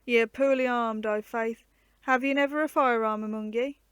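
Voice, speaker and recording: Woman putting on a burly knight, roaring and old-fashioned, loud and forceful; storybook reading. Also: fairly high pitch, steady tone, normal speed, no echo, natural voice. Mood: brusque. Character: burly gruff middle-aged male knight.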